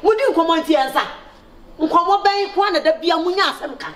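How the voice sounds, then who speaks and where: A woman playing a mother scolding her daughter in a comedy sketch, animated and laughing between words. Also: extremely high pitch, normal speed. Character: scolding mother, loud and sharp. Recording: echoey room.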